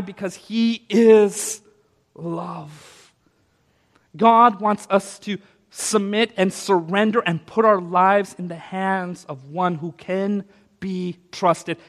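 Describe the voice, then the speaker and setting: A man with a high voice preaches a sermon, shifting between hushed reflection and loud, emphatic declarations. His voice carries a long reverb through a large hall. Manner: dynamic preaching, swinging from soft to loud. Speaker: pastor.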